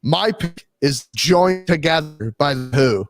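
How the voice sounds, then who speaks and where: A man's voice: a little high, expressive, takes it slowly, no echo. A man co-hosting a music podcast who gives blunt, stubborn opinions in casual back-and-forth debate. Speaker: podcast co-host.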